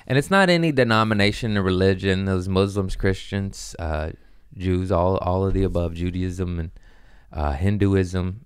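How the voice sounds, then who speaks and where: A young man with a low, deep voice tells a rambling, profane comedy story, laughing at himself and acting out other people's lines. The sound is close and dry, with no room around it. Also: clear, resonant tone, no echo. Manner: profane, self-mocking, animated with quoted voices. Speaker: podcast host.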